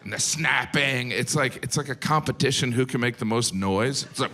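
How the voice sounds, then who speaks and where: A middle-aged American man doing a stand-up set, deadpan, slipping into silly voices for the people he quotes. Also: medium pitch, normal speed, hardly any pauses, noisy background. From United States. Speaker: stand-up comedian. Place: live comedy venue with audience.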